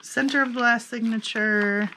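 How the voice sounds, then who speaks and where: A woman's voice: a little high, steady tone, moderate pace, sharp tone, slight background noise. Chatty woman narrating a craft flip-through. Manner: chatty, self-amused, thinks aloud. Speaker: crafter showing her handmade journals.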